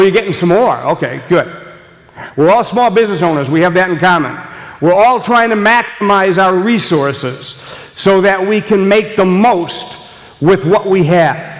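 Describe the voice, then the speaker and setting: An older man giving a jokey, audience-engaging business talk as guest speaker at a meeting. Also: sits high. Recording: long echoey hall reverb.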